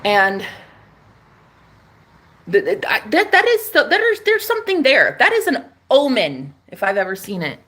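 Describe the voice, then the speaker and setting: A young woman chats to her livestream viewers in a loose, rambling way, swearing as she goes. Her voice sits a little high and sounds bright and forward. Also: very animated, moderate pace, long pauses. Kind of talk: casual livestream monologue.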